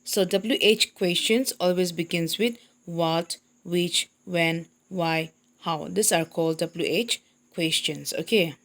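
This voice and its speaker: A woman's voice: on the low side, slow pace. A woman teaching an English grammar lesson. She explains patiently, repeats her points and often checks that the class follows.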